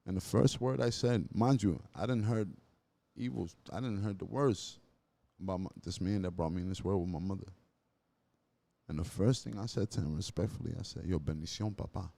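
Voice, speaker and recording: A man's voice: low-pitched, normal speed, vocal fry, warm tone. A man, a podcast guest telling his life story earnestly, in street slang and with many restarts. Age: 30s. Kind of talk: emotional storytelling.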